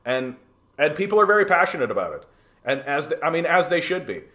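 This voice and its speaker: A man's voice: a little high, big pitch swings, fast talker, sharp tone. A man hosting a political livestream. He talks heatedly and swears freely, stammering through many restarts as he answers chat. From Canada. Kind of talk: livestream commentary reading chat.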